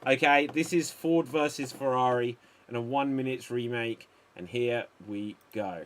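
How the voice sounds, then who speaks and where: A man's voice: mid-range voice, measured pace, few pauses. A man hosting a live improv stream, calling time and picking performers. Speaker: improv show host.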